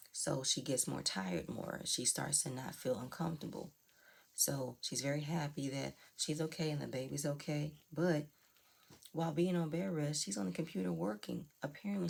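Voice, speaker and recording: A woman's voice: low voice, gravelly, husky. A woman giving casual, opinionated commentary on a reality show and talking straight to her viewers. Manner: chatty, opinionated, talks to viewers directly. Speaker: reality TV reviewer.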